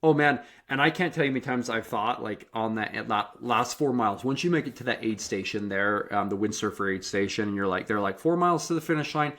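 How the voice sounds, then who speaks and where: A man hosting a running podcast, telling stories in a lively, chatty way with frequent restarts. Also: lowish voice, fairly quick, hardly any pauses. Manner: animated storytelling, many restarts. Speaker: podcast host and running coach. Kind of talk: casual interview chat.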